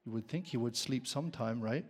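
A man's voice: mid-range voice, fairly quick, a little mellow, slightly rough. A man preaching a sermon, often asking the congregation questions. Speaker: pastor. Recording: long hall reverb.

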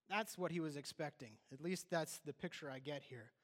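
A man preaching a sermon, reading scripture aloud and then building to excited, exclaiming passages. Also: on the high side, quick pace, hardly any pauses, big-room sound.

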